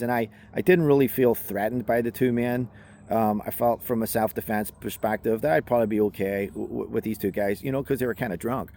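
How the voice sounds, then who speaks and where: A man's voice: medium pitch, darkish tone, a little hiss or hum. A man with a Northern Irish accent, a self-defense instructor telling a personal story in a casual, conversational way with many fillers. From Northern Ireland.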